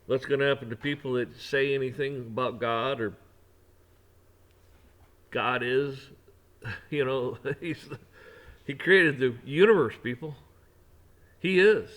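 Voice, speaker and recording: A man's voice: mid-range voice, unhurried, long pauses, a bit bright. Rambling, preachy man ranting. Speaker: vlogger. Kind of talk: preachy rant.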